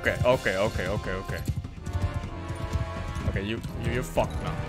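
A man streaming a game, reacting in excited and sweary outbursts as he plays. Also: fairly low pitch, moderate pace, over loud music. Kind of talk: live gameplay commentary.

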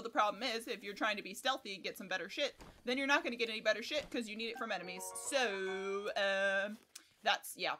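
A woman's voice: mid-range voice, bright, forceful tone. A young woman chatting casually while streaming a game, swearing and laughing often as she talks to her chat. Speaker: livestreamer. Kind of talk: casual gameplay commentary.

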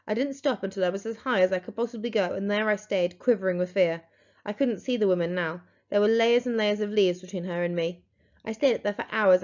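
Teacher lady reading a story out loud, dramatic and expressive, medium voice, dull lo-fi sound. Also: mid-range voice. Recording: dull lo-fi recording.

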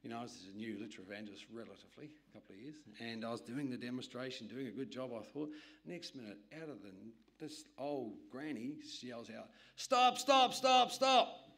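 A man, a literature evangelist, telling a lively anecdote in a sermon with asides to his listeners. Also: mid-range voice, fast, gravelly. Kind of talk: storytelling sermon.

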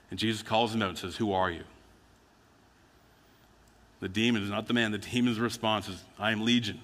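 A lower-pitched man preaching a conversational sermon with a bright, forceful edge to his voice. He tells his stories plainly and slips into the speakers' voices now and then. The sound carries a long reverb from a church hall. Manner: conversational storytelling preaching with acted quotes. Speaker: pastor. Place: church sanctuary.

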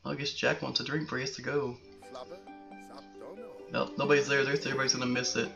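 A man's voice: medium pitch, level tone, fast, gravelly, sharp tone, faint music behind. A man casually commenting on a life-simulation game with a partner, dry, profane and joking. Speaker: gameplay commentator. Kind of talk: casual let's-play chat. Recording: muffled recording with faint hiss.

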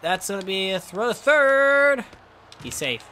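Bright, lively young man calling a video game. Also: high-pitched, a little slow. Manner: play-by-play calls that burst into shouting and laughter on big hits. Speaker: gameplay commentator.

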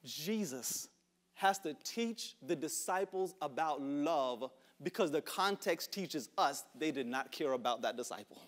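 A male pastor preaching a sermon to a congregation, calling for responses, laughing between lines and rising to shouts in a church sanctuary. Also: on the high side, expressive, unhurried.

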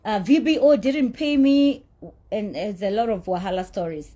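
A woman's voice: mid-range voice, normal speed, warm tone. A woman telling her side of a dispute in a blunt, profane, indignant rant. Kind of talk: heated storytelling rant.

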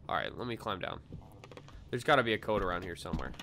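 Excitable young man yelling at a game. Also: medium pitch, normal speed, pauses often, a little hiss or hum. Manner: excitable, swears a lot, yells at the game. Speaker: gaming video creator. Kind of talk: casual gameplay commentary.

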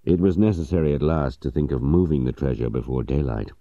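A man narrating a story audiobook in a measured, even storytelling manner. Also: rumbling low, no echo, lo-fi sound.

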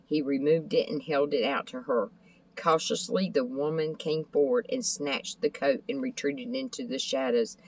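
A woman's voice: rumbling low, fairly even intonation, normal speed, rough recording. Woman reading a storybook aloud. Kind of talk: scripted narration of a children's book.

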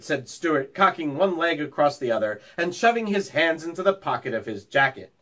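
A man reading a children's book aloud as a teacher. His narration is expressive and lively. His voice sits fairly high and moves up and down a great deal. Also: normal speed, few pauses. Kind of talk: storybook read-aloud narration.

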